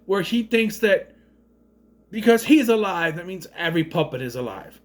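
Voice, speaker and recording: Animated high-voiced man ranting about a movie. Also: moderate pace. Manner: rambling, sarcastic, swears freely. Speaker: movie reviewer. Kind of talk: casual rambling movie commentary.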